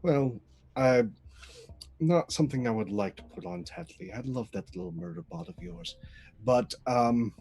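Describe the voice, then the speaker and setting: Man, husky and lively, a tabletop player who narrates his character's actions with relish. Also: mid-range voice, moderate pace. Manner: enthusiastic, describes his character's actions in third person. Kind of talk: playing a tabletop spy game over a video call.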